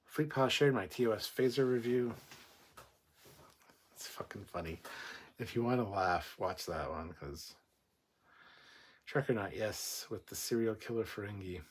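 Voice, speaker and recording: A man's voice: fairly low pitch, unhurried, long pauses. A man hosting a casual livestream, reading viewer comments and rambling into profane rants. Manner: rambling, swears freely, goes off on rants. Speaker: host.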